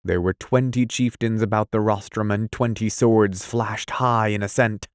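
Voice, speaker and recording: A man's voice: on the low side, steady tone, measured pace, clean tone, dry recording, studio quality. A man reading a classic adventure novel aloud as an audiobook, telling it steadily in the first person. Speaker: audiobook reader. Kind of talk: scripted storybook narration.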